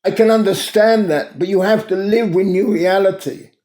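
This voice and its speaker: A man voicing a kindly rabbi who gently comforts a survivor in a told story. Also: high voice, moderate pace, lightly acted. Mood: consoling. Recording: roomy echo.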